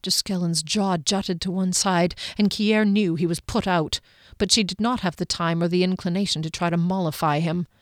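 A woman reading a fantasy novel aloud in a measured storytelling voice. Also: lowish voice, fairly even intonation, no echo, clean studio sound. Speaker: audiobook narrator. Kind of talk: scripted fantasy narration.

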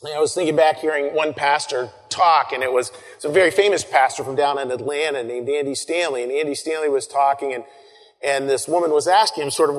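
Earnest male preacher in a reverberant church. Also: on the high side. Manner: earnest, pauses and repeats phrases, drops to soft near-whispers. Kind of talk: sermon. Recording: long reverb.

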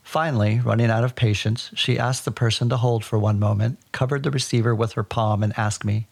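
A man narrating a personal childhood story for a podcast in a wry, deadpan way. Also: mid-range voice, fairly quick, creaky.

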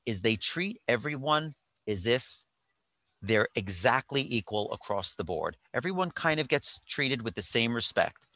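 A man's voice: medium pitch, sing-song, a little slow, pushed and bright, dry recording. A man telling a rambling story in casual chat, with wry jokes, from a hotel while on vacation. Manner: chatty, rambling, wry asides.

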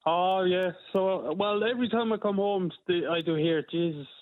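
A man from Ireland calling in, with an Irish accent and a slight Australian twang, relaxed and colloquial. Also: high voice, normal speed, no echo. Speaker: caller. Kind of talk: phone-in call. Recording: tinny phone line.

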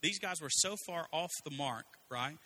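A man's voice: a little high, normal speed. A man preaching a sermon in a casual, conversational way, acting out quotes as he tells stories. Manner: conversational, animated storytelling with acted-out quotes.

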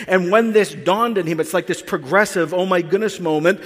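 A man's voice: high-pitched, a little fast, few pauses. A man preaching a sermon, telling the story with animation and acting out the characters. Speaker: pastor. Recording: long hall reverb.

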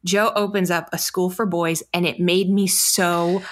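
A woman co-hosting a casual film review chat, animated and laughing, full of likes and ums. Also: lowish voice, unhurried. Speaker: podcast co-host.

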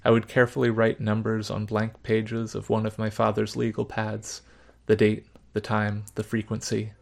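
A man narrating a story in the first person, measured, subdued and reflective. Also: on the low side, monotone, creaky.

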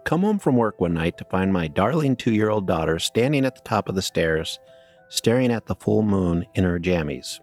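A man with a deep, husky voice reads spooky listener stories on a casual podcast. He keeps the reading plain and swaps dry jokes with his co-host between tales, with faint music underneath. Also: big pitch swings, normal speed, darkish tone.

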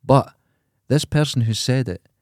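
A man's voice: medium pitch, unhurried, darkish tone, dry recording, studio quality. A Scottish man co-hosting a podcast, telling wry, sweary anecdotes in casual chat. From Scotland. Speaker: podcast co-host.

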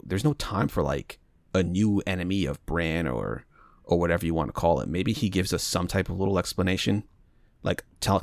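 A man's voice: sits low, gravelly, dry recording, clean studio sound. A man casually talking over a TV show's plot as a podcast co-host, rambling and restarting as he mulls theories aloud. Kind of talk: casual TV recap chat.

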